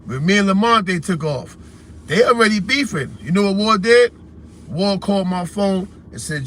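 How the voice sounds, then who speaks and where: A blunt, confrontational man with a New York accent rants to his livestream audience in street slang. His voice sits high for a man and sounds bright and forceful. There is a faint hiss of noise behind him. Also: lively intonation, moderate pace. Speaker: host of a call-in livestream. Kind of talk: heated casual livestream rant.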